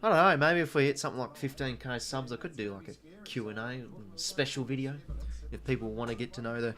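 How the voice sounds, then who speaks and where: A fast-talking Australian host around twenty, his medium-pitched voice a bit bright, chats casually through a live watch-along stream. He reads out viewer comments and says "mate" often.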